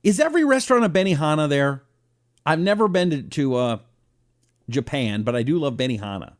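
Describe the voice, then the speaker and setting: A man hosting a solo talk show, reading listener comments and talking in an animated, rambling way. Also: a little fast. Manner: animated, rambling, lively swings in pitch. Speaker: radio talk show host. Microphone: own broadcast setup, fixing a failed mic on air.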